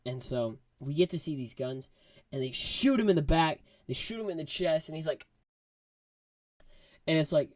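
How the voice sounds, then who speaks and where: A man giving a casual movie review, rambling and excitable, full of fillers. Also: on the high side, normal speed, long pauses, no room sound.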